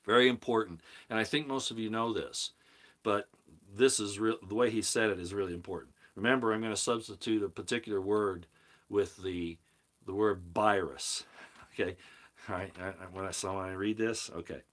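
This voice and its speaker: Man, lowish voice, casual stream monologue, rambling, repeats and restarts words, rising emphasis on key points. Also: steady tone, moderate pace, fairly bright tone. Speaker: host of a live commentary stream. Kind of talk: casual monologue, reading viewer comments.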